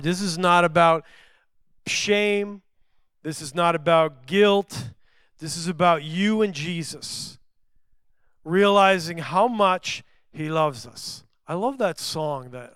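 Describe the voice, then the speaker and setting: A man preaching a sermon to a congregation, swinging between loud emphatic lines and hushed, slow ones, and putting questions to his listeners. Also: a little high, clear, resonant tone, no echo, studio quality. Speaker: pastor. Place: church service before a congregation.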